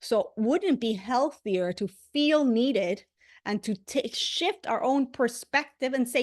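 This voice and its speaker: High pitched lady teaching a class, animated, says right a lot. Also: slow pace. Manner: animated, repeats herself, asks "right?" often. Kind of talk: casual spoken class.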